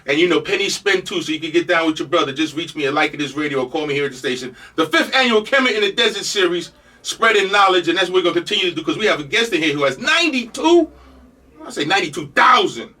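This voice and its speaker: A man's voice: fairly high pitch, expressive, fast talker, pushed and bright, far from the mic. An older man with a New York Jamaican accent, hosting a radio show with a loose, joking, rambling manner while fighting a cold. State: has a cold. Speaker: radio host. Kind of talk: talk radio introduction. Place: radio studio.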